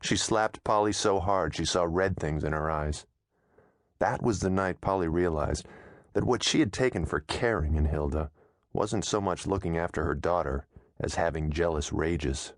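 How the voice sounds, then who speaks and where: A man narrating an audiobook in a steady, measured storytelling manner, close to a studio mic. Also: low-pitched, no room sound.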